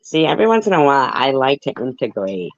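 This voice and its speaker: A woman's voice: rumbling low, sing-song, fast, no echo, lo-fi sound. A woman hosting a casual livestream trivia chat, playful and giggly. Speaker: livestream host.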